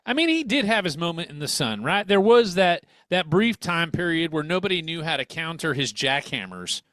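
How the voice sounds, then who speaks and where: A man's voice: fairly high pitch, very animated, normal speed, fairly bright tone, no room sound, studio quality. A man co-hosting a wrestling radio show in casual comedic banter, given to exaggerated rants.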